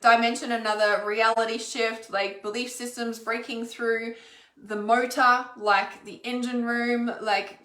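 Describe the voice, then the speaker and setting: A woman's voice: on the high side, flat delivery, measured pace, fairly bright tone, reverberant. An Australian woman hosting a casual spiritual livestream, chatting in a rambling way with lots of fillers. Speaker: intuitive healer hosting a livestream.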